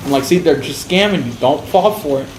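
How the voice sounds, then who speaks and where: A man's voice: fairly high pitch, expressive, a little fast. A man from the United States telling a story on his game stream, blunt and full of swearing. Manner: profane, blunt, heavy swearing. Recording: roomy with faint background noise.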